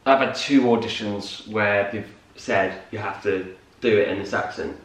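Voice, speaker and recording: A man from North West England with a Lancashire accent, chatting casually about auditions in an animated, friendly way. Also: lowish voice, measured pace, recorded from a distance. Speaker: co-host, musical theatre performer. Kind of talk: casual morning chat. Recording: roomy, from off-mic.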